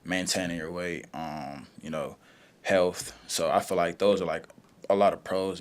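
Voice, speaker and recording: A young man, a college football player, answering press conference questions in a relaxed way, full of "you know" and "um". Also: low voice, normal speed. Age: young adult.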